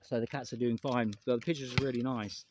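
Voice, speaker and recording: A man's voice: medium pitch, fairly even intonation, brisk, highs cut off, heavy background noise. A man talking to camera in a casual, rambling vlog, earnest and emotional, often repeating himself and swearing. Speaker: vlogger.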